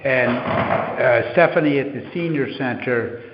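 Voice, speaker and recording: Guy at a town meeting, lots of ums, echoey room, muffled with some hiss. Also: mid-range voice. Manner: halting, many "um"s. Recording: echoey hall, muffled audio.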